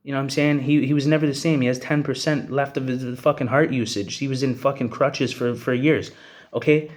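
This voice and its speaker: A young man from Canada in a heated, profane rant straight to the camera. He talks bluntly and keeps tossing in "bro" and "you know what I'm saying". His voice sits at an ordinary middle pitch. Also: steady tone, brisk. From Hamilton, Ontario, Canada. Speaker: vlogger. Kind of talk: angry personal rant to camera.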